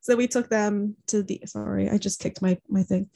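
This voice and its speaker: A woman's voice: medium pitch, steady tone, normal speed, vocal fry, warm tone, no echo. A young woman in casual chat, telling a family story with many fillers and acting out what her relatives said. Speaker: podcast co-host.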